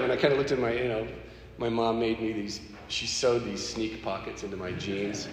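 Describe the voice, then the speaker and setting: Guy with a lowish voice telling his faith story, chatty and animated, big echoey hall. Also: normal speed. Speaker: speaker sharing a personal testimony. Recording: echoey hall with faint background noise.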